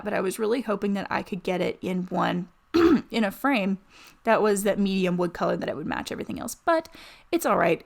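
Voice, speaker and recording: A woman talks through her game build in a loose, rambling voice-over. She gushes over little details and leans on lots of ums and uhs. A gravelly edge of vocal fry runs through her mid-pitched voice. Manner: chatty, gushing, rambling with many fillers. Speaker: Sims building YouTuber. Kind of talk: casual voice-over commentary.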